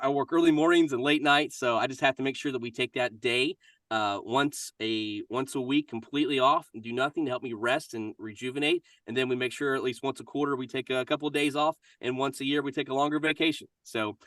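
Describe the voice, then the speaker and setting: A man's voice: mid-range voice, a bit bright, dry recording, clean studio sound, recorded from a distance. A middle-aged man, a voice actor and minister, talking casually and energetically in an interview.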